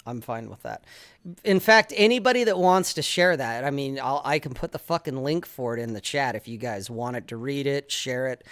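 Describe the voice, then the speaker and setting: A man's voice: mid-range voice, expressive, moderate pace, fairly bright tone, dry recording, studio quality. A man, the guest writer on a podcast, talking casually in a profane, emphatic, ranting way. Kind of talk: casual chat.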